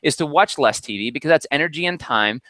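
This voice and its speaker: A man presents a motivational talk over a video call, his voice bright and cutting. He speaks with a preacher's energy, scattering fillers as he pushes his point. The sound is dry and close. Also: on the high side, expressive, quick pace, dry recording.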